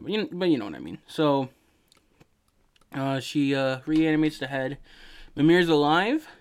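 Male podcast host, sleepy and yawning; slow, smooth delivery; rambling, profane game recap. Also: a little high, expressive, darkish tone. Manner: rambling, swearing, many fillers and restarts. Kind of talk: casual video game story recap.

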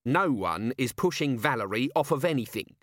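A man's voice: medium pitch, a little slow, fairly bright tone, dry recording, studio quality, voice pushed up, lightly acted. A man voicing a growling, threatening guard disguised as a woman in an audiobook. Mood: menacing.

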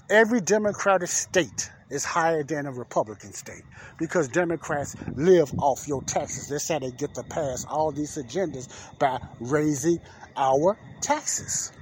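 A man, hosting a casual political talk podcast outdoors at night, folksy and preachy, often clearing his throat. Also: a little high, slight background noise. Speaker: podcast host. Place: outdoors in the dark.

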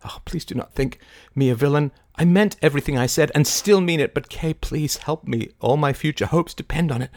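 Man playing an agitated, bitter young gentleman. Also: fairly high pitch, brisk, hardly any pauses, no echo, clean studio sound, close to an everyday voice. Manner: anguished, stammering, reproachful.

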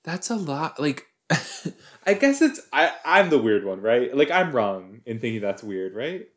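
A man's voice: mid-range voice, big pitch swings, a little slow. A man hosting a podcast, chatting casually and thinking aloud with a rambling, joking manner into a desk microphone. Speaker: podcast host. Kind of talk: casual rewatch commentary. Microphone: desk microphone with a cord.

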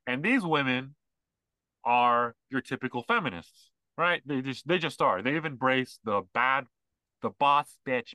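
A man's voice: medium pitch, animated, normal speed, bright, forceful tone, no room sound, low-quality recording. A man co-hosting a casual podcast, rambling and mocking, often mimicking other people's voices. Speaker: podcast co-host.

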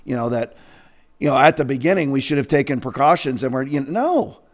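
A man putting on a hesitant, halting voice, mimicking someone who fumbles for excuses. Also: mid-range voice, animated, pitched below the performer's own voice, close to an everyday voice. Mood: sheepish. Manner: halting, full of fillers. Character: mumbling, hesitant man making weak excuses.

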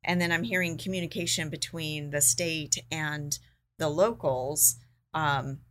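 A woman's voice: deep voice, steady tone, measured pace, fairly bright tone. A woman hosting a podcast interview, the executive director of an association, talking in a conversational, affirming way with frequent fillers.

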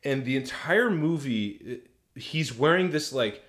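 Male co-host, casual and crude, animated storyteller, mid-pitched. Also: unhurried. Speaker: podcast co-host. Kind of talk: casual chat.

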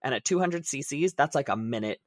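Young male podcast co-host, mid-pitched voice, swears freely and tells stories with animated energy. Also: brisk. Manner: animated, profane storytelling with bursts of laughter. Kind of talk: casual chat.

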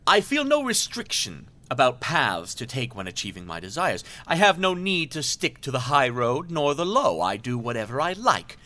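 A man's voice: medium pitch, wildly swooping pitch, moderate pace, hardly any pauses, pushed and bright, dry recording. An actor playing a pompous, self-serving male villain who talks in florid, mannered speech and laughs theatrically in an audio drama. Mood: musing.

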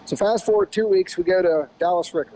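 An American man in his fifties, a podcast guest telling a racing story in a rambling, animated way with lots of "you know"s. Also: sits high, fast, low-quality recording. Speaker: podcast guest, former off-road racer. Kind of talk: casual storytelling.

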